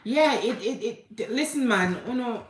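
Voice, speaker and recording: Woman, 30s, Jamaican accent, higher register, heartfelt vlog storytelling, echoey room. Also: animated, moderate pace, noisy background. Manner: heartfelt, tearful, repeats herself, mixes in patois. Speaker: vlogger. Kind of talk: emotional personal storytelling.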